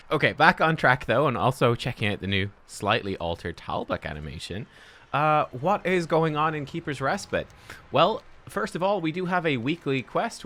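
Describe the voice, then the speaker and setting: A man's voice: mid-range voice, pushed and bright. A man giving chatty, upbeat gameplay commentary as host of a gaming video, laughing often.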